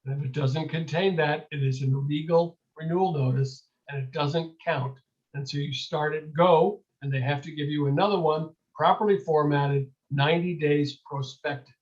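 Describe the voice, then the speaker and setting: A man's voice: on the high side, fairly even intonation, normal speed, lo-fi sound. A man hosting a renters' online town hall, giving direct, practical advice with a few filler uhs. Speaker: host of a renters' group meeting.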